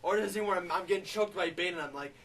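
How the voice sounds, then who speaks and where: A man giving a gushing, excitable comedic movie review in character. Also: high-pitched, rapid-fire, distant mic.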